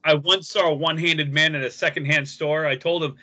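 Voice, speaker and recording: A man's voice: on the high side, fairly even intonation, fairly quick, sharp tone. A married man hosting a casual podcast, easygoing and fond of corny dad jokes. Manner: corny joke-telling, easygoing. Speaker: podcast host. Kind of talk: casual chat.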